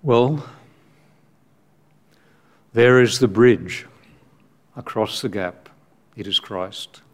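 A man preaching a sermon in measured, emphatic short phrases with long pauses, reading scripture aloud as he goes. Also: on the low side.

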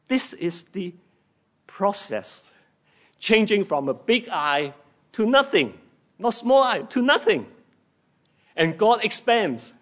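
A man preaching a sermon in an unhurried, emphatic way. His voice sits high for a man. He acts out scripture quotes with dramatic shifts in tone.

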